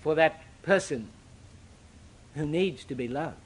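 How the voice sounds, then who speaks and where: An older man preaching a sermon, with dramatic, sweeping shifts in pitch and loudness. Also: animated, takes it slowly, a little hiss or hum.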